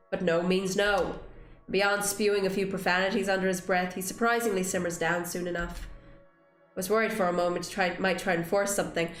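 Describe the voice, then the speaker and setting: Young woman, let's play host, reads narration, expressive, swearing, echoey room. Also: medium pitch. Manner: expressive, swearing, laughing asides. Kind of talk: reading game narration aloud with commentary.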